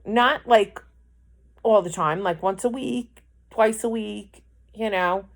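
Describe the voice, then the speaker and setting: A woman telling a personal story out loud. Her delivery is emotional and rambling, with frequent false starts and repeated words as she works through what happened. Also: mid-range voice, slow.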